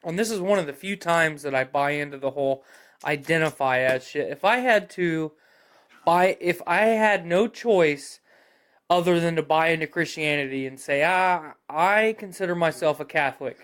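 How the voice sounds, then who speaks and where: A man's voice: on the high side, moderate pace, a bit bright, clear, resonant tone. A man co-hosting a podcast in casual chat, blunt and opinionated, swearing freely. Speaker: podcast co-host.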